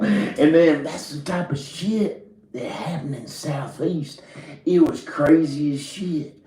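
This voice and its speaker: A man from Virginia drawls through a meandering, profane comic story, often breaking into laughter at his own lines. He talks slowly, in a middle register. His voice rings around an echoey room. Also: a little high, dark tone, slight background noise. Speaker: comedic storyteller. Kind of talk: rambling comedic monologue. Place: indoor room with drum set and speakers.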